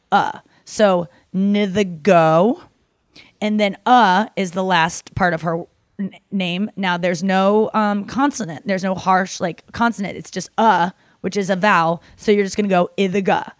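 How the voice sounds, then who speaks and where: A young woman hosts a casual chat, rambling with plenty of fillers and swearing now and then. Her pitch sits in the middle of the range. The recording is close and dry, with no room sound. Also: no echo. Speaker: podcast host.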